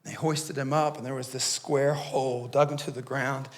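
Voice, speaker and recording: A man, a pastor, playing Barabbas in a dramatic first-person monologue, dropping to hushed near-whispers and rising to pleading outbursts, with sharp gasps between phrases. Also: medium pitch, flat delivery, normal speed, close to an everyday voice. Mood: hushed, grim. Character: Barabbas, a grown man, haunted and shaken.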